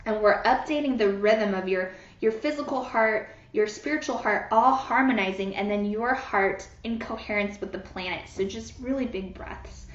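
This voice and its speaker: A woman's voice: medium pitch, moderate pace, hardly any pauses. Woman healer guiding a group session. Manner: soothing, greets viewers by name, many fillers. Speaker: energy healer leading a live group session. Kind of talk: live-streamed guided healing session. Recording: roomy, dull lo-fi sound.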